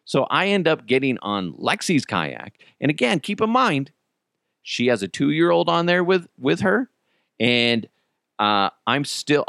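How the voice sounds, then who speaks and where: A man, the host of a podcast, telling a story in a casual, animated way, swearing freely and laughing as he goes. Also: mid-range voice, no room sound, studio quality. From United States.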